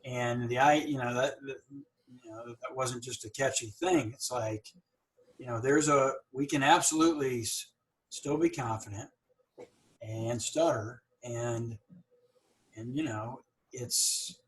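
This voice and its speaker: A man's voice: medium pitch, measured pace, rough recording. A man hosting an interview podcast, speaking reflectively with many fillers and occasional stuttered blocks. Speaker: podcast host. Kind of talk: casual interview conversation.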